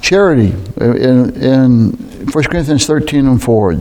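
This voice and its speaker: A middle-aged man preaching in an unhurried, homespun way. His voice sits at an ordinary male pitch, and he keeps returning to rhetorical questions as he talks to the congregation. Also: lively intonation, warm tone. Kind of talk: sermon.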